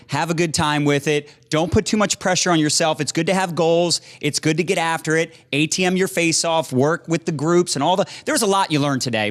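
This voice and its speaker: A man on a business panel giving loose, jokey, upbeat motivational advice. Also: on the high side. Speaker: panel speaker. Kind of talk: motivational speech.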